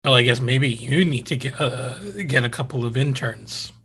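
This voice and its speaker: A man's voice: medium pitch, steady tone, moderate pace, fairly bright tone, breathy edge. A man playing a tabletop game, offering joking suggestions. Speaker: player.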